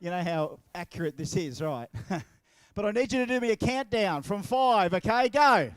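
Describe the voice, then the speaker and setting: Australian man, event MC, higher voice, playful crowd banter, dry close sound. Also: lively intonation, moderate pace, smooth, dry recording. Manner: jokey, playful, teasing. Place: outdoor drag racing track.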